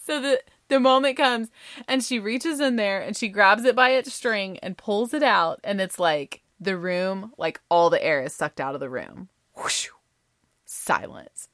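A woman telling a personal story in a casual, animated way, dropping into hushed asides. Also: medium pitch, unhurried, no echo, studio quality. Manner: animated, dramatic, slips into voices and hushed whispers.

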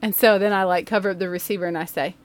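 A former teacher turned podcast host, speaking very fast in a mid-range voice, tells a funny classroom story from her laundry room home studio. She's animated, laughs often and acts out the voices in this storytelling monologue.

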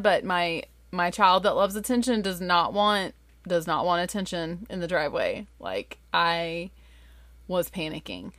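Woman, thirties, casual storyteller, lively and chatty, dry close sound. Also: a little slow, dry recording. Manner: lively, chatty, full of "like" fillers, jumps much higher for quoted voices. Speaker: mother telling a family story.

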